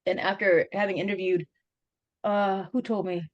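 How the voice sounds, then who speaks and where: A middle-aged woman reminiscing with an old friend in a relaxed interview. She laughs often and tells her stories with quick restarts, at a middle pitch. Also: lo-fi sound. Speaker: interviewer, former college rugby teammate. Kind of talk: casual reminiscing conversation.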